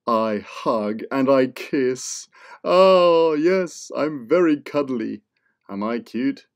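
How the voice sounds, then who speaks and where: A man's voice: medium pitch, expressive, extremely slow. A man voicing a cuddly, affectionate male monster for a children's storybook, sweet and cooing.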